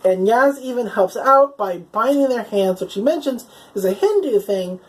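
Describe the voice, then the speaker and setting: A woman's voice: a little high, lively intonation, moderate pace, rough recording. A woman giving a casual, enthusiastic spoken recap of a TV episode. She leans heavily on "like" and "um" and swears now and then. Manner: chatty, heavy use of "like" and "um" fillers; enthusiastic, openly emotional. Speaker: TV episode reviewer.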